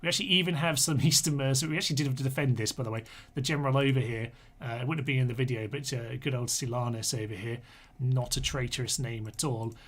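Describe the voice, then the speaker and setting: A man talks his way through a strategy game on a live stream, in a relaxed and rambling manner. His voice sits at an ordinary middle pitch. He drifts into chatty, self-mocking asides as he goes. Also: fast. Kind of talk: casual live-stream commentary.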